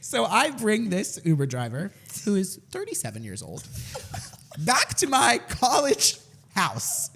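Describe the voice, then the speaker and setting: A man's voice: high voice, huge pitch swings, unhurried, vocal fry, fairly bright tone, breathy edge. A man in his twenties, a podcast co-host telling a story in casual chat, self-mocking and laughing as he goes.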